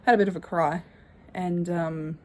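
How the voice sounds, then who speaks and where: A young woman in her twenties chatting to her phone camera, rambling and candid, often trailing off quietly. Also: lowish voice, steady tone, moderate pace. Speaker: vlogger. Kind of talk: casual chat to camera. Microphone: phone held at arm's length.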